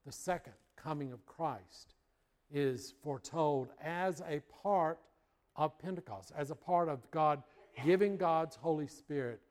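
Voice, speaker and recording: A man preaching a sermon, earnest and unhurried, leaning on slow, emphatic phrases. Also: a little high, darkish tone. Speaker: pastor.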